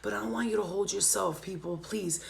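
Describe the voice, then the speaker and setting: A woman's voice: mid-range voice, normal speed, vocal fry, noisy background. A woman doing a spiritual reading on a livestream, talking to viewers in a heartfelt, emotional way and swearing freely. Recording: roomy echo.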